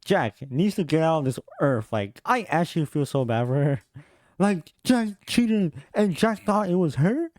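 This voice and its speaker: A man's voice: a little high, lively intonation, normal speed, darkish tone, no echo, clean studio sound. A man hosting a reaction video, incredulous and exclamatory, stammering when shocked. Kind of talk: casual reaction commentary.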